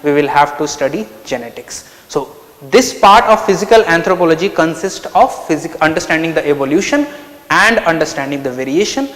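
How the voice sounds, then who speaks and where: Male teacher, explanatory, high-pitched, echoey room. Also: animated, a little fast, fairly bright tone. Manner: explanatory, asks and answers his own questions. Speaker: anthropology teacher. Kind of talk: online lecture.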